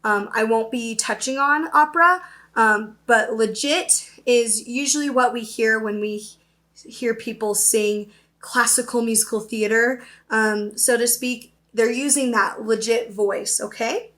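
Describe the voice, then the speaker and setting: A woman's voice: a little high, measured pace, fairly bright tone. A young woman teaching an upbeat virtual voice lesson, explaining terms and checking in with her students. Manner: upbeat, explains then demonstrates, often checks with "okay?".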